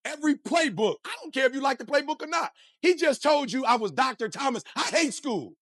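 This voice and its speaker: High-voiced, fired-up motivational speaker. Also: male voice, fast, no echo, studio quality. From Detroit, USA. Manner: energetic, preachy, slang-heavy, addresses the crowd directly. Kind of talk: motivational speech.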